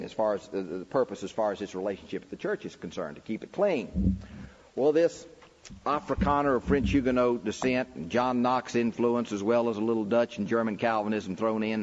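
A man's voice: fairly quick, a little mellow. Emphatic male preacher in a reverberant hall. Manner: emphatic, pitch rising sharply on key words. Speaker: preacher teaching a lecture series. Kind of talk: sermon-style lecture. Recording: dull recording with long hall reverb.

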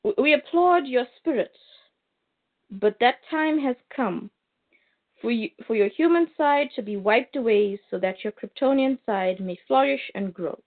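A woman voicing a cold, menacing male alien machine in a slow, formal way, on a tinny line. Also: on the high side. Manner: slow, formal, unhurried delivery.

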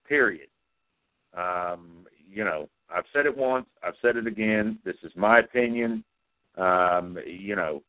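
Blunt low-voiced man on a tinny line. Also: dry recording. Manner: blunt, profane, halting with fillers. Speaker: talk show co-host. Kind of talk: blunt opinionated talk. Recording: tinny phone-like, dry sound.

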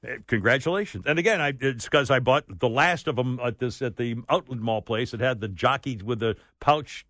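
A man's voice: mid-range voice, brisk, fairly bright tone, dry recording. A man hosting a talk radio show, brash and joking, laughing often, speaking on a studio microphone.

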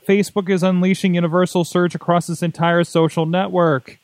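A man with a slightly higher voice co-hosts a tech podcast in relaxed, rambling chat. He talks loosely with plenty of "uh"s and jokes. The recording is dry and close. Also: moderate pace, few pauses, no echo. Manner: rambling, jokey, many fillers. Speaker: podcast co-host.

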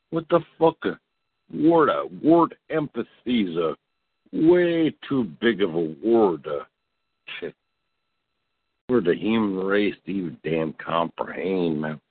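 A man's voice: lowish voice, big pitch swings, slow, long pauses, breathy edge, no echo. A man rambling through a profane comedic monologue, drawling and tacking "man" onto his lines. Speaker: podcast host. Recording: tinny phone-like sound.

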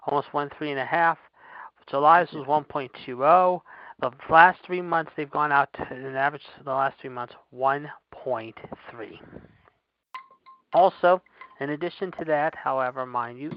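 A man's voice: a little high, no echo. A man hosting a wrestling news podcast, reading figures with rambling filler phrases. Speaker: podcast host. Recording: dry, dull lo-fi sound.

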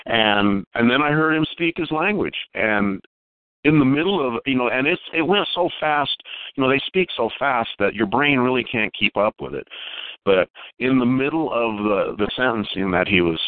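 Man, calling in, slightly low voice, halting storyteller who repeats himself, tinny dry phone line. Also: no room sound. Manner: halting, repeats words while recounting. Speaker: caller telling a Bigfoot encounter. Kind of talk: casual storytelling on a call.

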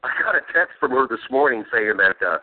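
A man's voice: medium pitch, lively intonation, fairly quick. A man hosts a podcast and spins rowdy, profane family tales, chuckling as he goes. His voice rises and falls with lots of movement. Everything comes through a thin, phone-like channel. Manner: profane, laughing while telling stories. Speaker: podcast host. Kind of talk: casual storytelling chat. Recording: phone-like narrow sound.

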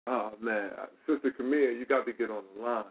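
A man hosting a call-in show, animated, laughing and greeting callers by name. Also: mid-range voice, fairly quick, slightly rough. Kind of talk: casual call-in chat. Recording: phone-like lo-fi call audio.

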